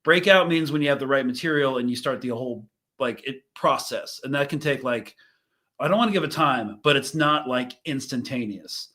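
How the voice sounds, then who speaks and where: A man's voice: mid-range voice, moderate pace, pushed and bright. A young man hosting a live show, commenting casually on news clips, rambling and thinking aloud with fillers and restarts. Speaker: host reacting to news clips.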